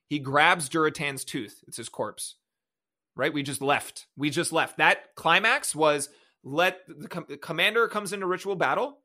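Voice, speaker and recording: A man with a fairly high, gravelly voice and a bright, forceful edge. He retells a film scene by scene in a casual podcast chat, his tone dry and mocking. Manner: sarcastic, mocking play-by-play retelling. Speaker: podcast co-host. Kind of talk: casual movie recap chat.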